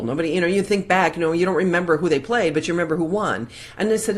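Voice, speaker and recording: A woman's voice: lowish voice, very fast, hardly any pauses. A woman hosting a live morning show, talking in a casual, emotional, heartfelt way with many restarts into a plug-in microphone. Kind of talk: casual live-stream chat.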